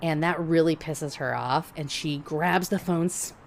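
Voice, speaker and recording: A woman with a low voice tells a story on a podcast in blunt, profane casual chat. She is animated and laughs as she goes. A faint background hiss sits under her voice. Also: a little slow, vocal fry. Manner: animated, laughs while telling. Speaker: podcast co-host.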